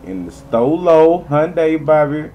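A man's voice: a little high, expressive, unhurried, muffled recording, a little hiss or hum. A man giving rambling, profane gameplay commentary as he talks to his viewers. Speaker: gaming streamer.

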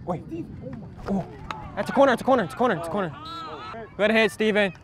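A teenage boy wearing a mic while playing soccer, shouting to teammates and arguing calls with the ref outdoors. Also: high voice, quick pace. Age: teens. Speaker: soccer player. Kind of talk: mic'd up on-field chatter. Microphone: body-worn mic on a player. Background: crowd and players on the field.

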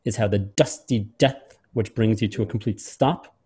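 Low, mellow-voiced male lecturer. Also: husky. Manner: measured, drawing out key words. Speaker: host and lecturer. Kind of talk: close reading of a speech.

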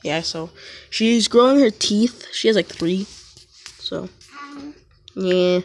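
Young woman gamer, unhurried slangy commentary, mid pitch, bursts of yelling. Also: a little hiss or hum. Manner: slangy, says "bruh" often, sudden excited yelps. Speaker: gaming YouTuber. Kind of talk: casual gameplay commentary. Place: home.

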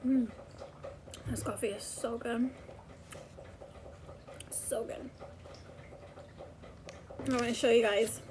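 Slow-talking chatty mom vlogger. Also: female voice, fairly high pitch, fairly even intonation, background noise. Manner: chatty, rambling, many fillers. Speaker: mother. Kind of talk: casual chat. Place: home, indoors.

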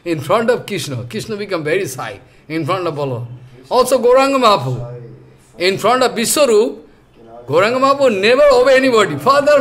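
A man teaching a devotional scripture class, telling the story with animated emphasis in simple, broken English. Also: sits high. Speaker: preacher.

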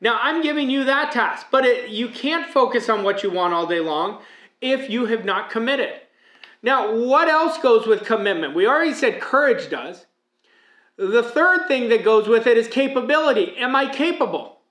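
A man's voice: very high voice, animated, moderate pace, a bit bright. A man giving a motivational speech as a mindset coach, emphatic and preaching, with many rhetorical questions. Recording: echoey room.

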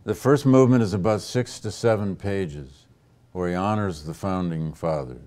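In a lecture hall, a man with a very low, slightly mellow voice fields audience questions as a historian. He pauses over his words and often stops and starts again while thinking his answers through aloud.

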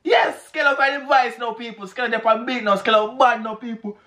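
A Jamaican man reacting to music on his vlog, talking excitedly, shouting exclamations and repeating phrases fast. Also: extremely high pitch. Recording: echoey room with music playing.

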